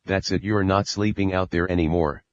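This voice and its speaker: A man reading the part of an angry, abusive father who yells and scolds his small son, in a dull lo-fi recording. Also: deep voice, steady tone, normal speed, close to an everyday voice. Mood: angry scolding. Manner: scolding, yelling insults.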